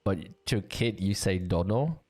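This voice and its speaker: A man's voice: low-pitched, animated, unhurried, darkish tone. A man casting a live online game match, chatty and joking with his co-caster and the audience. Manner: chatty, joking, easily amused. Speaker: esports caster.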